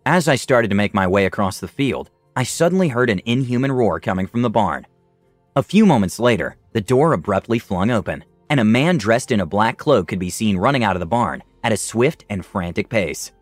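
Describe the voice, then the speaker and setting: A man with a lowish voice tells a first-person fantasy story, his pitch rising and falling a lot as he dramatizes each turn. The recording is dry and close, with faint background music under him. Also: dry recording. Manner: dramatic storytelling, lively rise and fall. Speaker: narrator.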